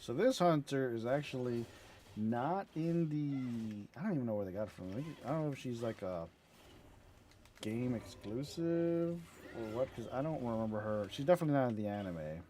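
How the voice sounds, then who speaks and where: A man talks through a gaming session in a loose, rambling way, his pitch bouncing around as he tells a story and swears casually along the way. His tone is mellow and a little dark, and a faint hum of noise sits behind him. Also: expressive, moderate pace. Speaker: gaming streamer. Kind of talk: casual gameplay commentary.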